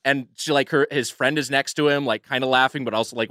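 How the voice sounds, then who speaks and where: A man telling a rambling story in casual podcast chat, his voice bright and forward, with plenty of fillers and restarts along the way. The sound is dry and close, with no room around it. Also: medium pitch, fast, no echo. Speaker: podcast co-host.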